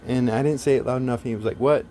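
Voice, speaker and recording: Soft spoken guy venting a story, lots of swearing, mellow voice, faint hiss behind. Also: mid-range voice, steady tone, very fast. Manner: profane, exasperated ranting with frequent restarts. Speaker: self-described philosopher telling a story. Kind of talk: casual storytelling monologue.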